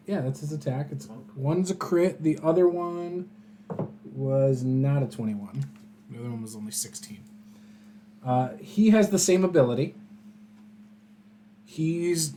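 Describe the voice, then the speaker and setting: A man's voice: on the high side, measured pace, warm tone, a little hiss or hum. A man acting as game master in a tabletop role-playing game, talking casually with a chuckle and lots of filler words.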